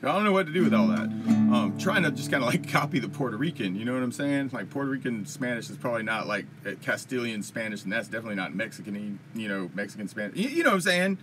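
An American guitar teacher with a medium-pitched, sing-song voice hosts a casual live-stream Q&A at a quick pace. He rambles chattily and laughs often, with faint guitar strumming in the background.

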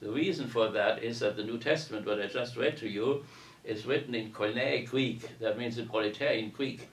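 Recorded from afar in a parish hall with roomy echo and slight background noise, a man delivers a university lecture. His medium-pitched voice moves at a normal pace as he reads passages aloud and then talks through them at length.

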